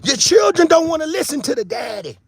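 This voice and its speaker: A man, preaching to his online viewers in a loose monologue, swearing freely and shouting for emphasis. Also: very high-pitched, very animated, a little fast, creaky, no echo. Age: 50s. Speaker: online show host.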